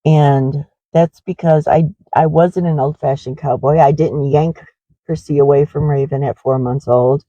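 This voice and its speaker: Slow rambling middle-aged woman. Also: low voice, fairly even intonation, dark tone, dry recording, highs cut off. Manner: rambling, confessional, with fillers. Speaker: horse ranch owner. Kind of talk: casual walking vlog.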